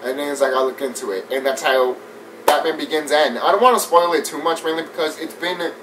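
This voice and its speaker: A man giving a casual, animated movie review rant. He swears often, laughs a lot and mimics scenes as he talks. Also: fairly high pitch, a little fast. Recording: distant mic with faint background noise.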